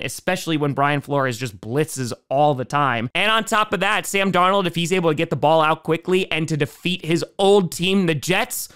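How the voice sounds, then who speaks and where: A young man talks through weekly football predictions in a comedic monologue. His voice sits high and sounds smooth and clear, and he keeps it animated, dropping into low mutters for his jokes. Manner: animated and wisecracking, jumping between highs and lows. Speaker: comedic sports commentator.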